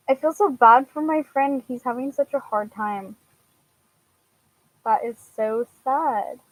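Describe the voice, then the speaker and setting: A woman's voice: fairly high pitch, takes it slowly, long pauses, dry recording, rough recording. Chatty young woman, hesitant and laughing. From Washington, US. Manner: hesitant, many fillers, laughs often. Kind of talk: casual chat answering viewers.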